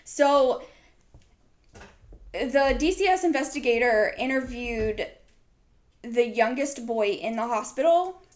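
Chatty woman, slightly high voice. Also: expressive, slow, pauses often, a little mellow. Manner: rambling, full of "like" and "um". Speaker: podcast host. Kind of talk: casual storytelling chat.

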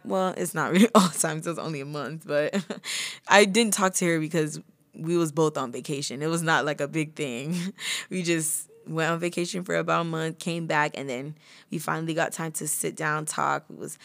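A woman's voice: fairly low pitch, vocal fry, sharp tone. A young adult woman hosting a podcast, telling a personal story in a candid, confessional way and laughing often mid-sentence. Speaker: podcast host.

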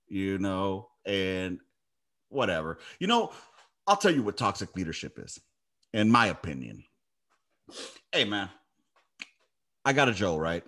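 With a fairly low, fairly bright voice, a middle-aged man chats casually on his podcast. An army veteran, he tells stories emphatically and swears heavily.

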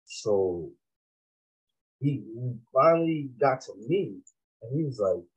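A man from Massachusetts, a rapper, tells laid-back, slangy stories in a casual interview. His voice is husky and slow, with a lively rise and fall in pitch. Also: rough recording. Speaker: rapper guest.

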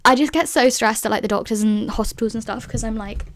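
A woman's voice: a little high, fast, no room sound, studio quality. A woman in her twenties from the UK, telling a story in a chatty, casual way with lots of fillers and laughs. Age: 20s. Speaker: vlogger.

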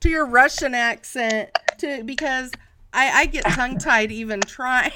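A woman's voice: high voice, unhurried, sharp tone, slight background noise. A woman hosting a podcast, enthusiastic but hesitant, often repeating words as she asks questions. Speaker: podcast host. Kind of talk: casual interview chat.

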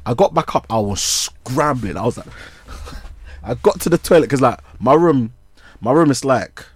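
Lively young man telling a story. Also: medium pitch, normal speed, breathy edge. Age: young adult. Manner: animated, slangy, laughs through his story. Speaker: podcast co-host. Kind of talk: comedic storytelling.

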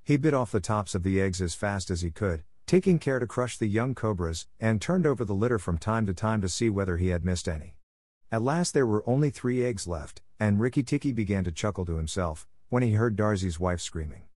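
A man narrates a classic story for English learners, steady and clear, his voice fairly low and his pace fairly quick. The audiobook recording is dry and close, with no echo or room sound.

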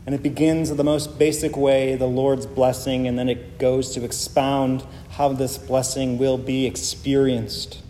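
Mellow-voiced male pastor preaching in a hall. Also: medium pitch, flat delivery, a little slow, hardly any pauses, a little hiss or hum. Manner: emphatic, builds through repeated phrases. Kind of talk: sermon. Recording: long reverb of a large hall.

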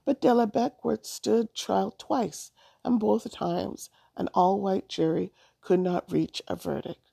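A woman voicing a calm, dignified man in a storybook reading, explaining things in a measured, earnest way. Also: medium pitch, gravelly, husky, dry recording, clean studio sound, exaggerated voice. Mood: solemn.

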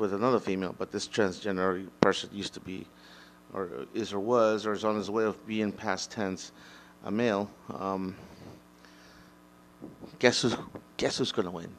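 A man's voice: low-pitched, a little hiss or hum. A man giving a solo opinion monologue, rambling and blunt, with profanity and frequent restarts. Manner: mocks imagined critics in a raised mocking voice. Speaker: podcast host.

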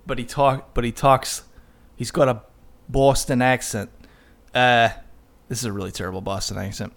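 A man co-hosting a podcast, telling a story casually, laughing often and trailing off softly. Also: medium pitch, flat delivery, normal speed. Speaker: podcast co-host. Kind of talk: casual chat.

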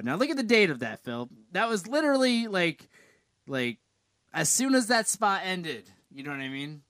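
A man's voice: high-pitched, big pitch swings, moderate pace, fairly bright tone, dry recording. A man co-hosting a casual podcast, rambling with many restarts and some swearing. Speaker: podcast co-host. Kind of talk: casual wrestling chat.

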